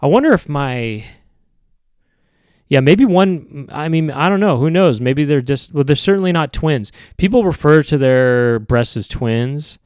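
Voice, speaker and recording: A man's voice: a little high, lively intonation, measured pace, darkish tone, clear, resonant tone, no echo, studio quality. A man hosting a solo podcast, talking in a meandering, hesitant way with wry complaints about everyday habits. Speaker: podcast host. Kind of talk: rambling solo podcast monologue.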